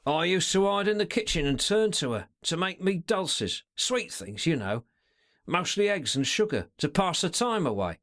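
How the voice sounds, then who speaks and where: A man voicing a sly, stealthy male secretary in a storybook, with slangy, sneering, drawn-out remarks. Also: a little high, sing-song, fairly bright tone, voice pushed up. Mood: scornful.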